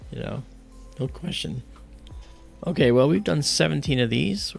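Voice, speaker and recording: A man's voice: on the high side, expressive, measured pace, gravelly, soft background music. A man hosting an astronomy livestream, explaining things step by step in a loose, casual way.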